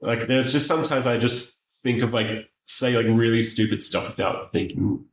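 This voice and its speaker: A man's voice: mid-range voice, normal speed, slight background noise. A man hosting a casual chat, rambling with lots of fillers and restarts. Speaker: podcast host. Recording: echoey room.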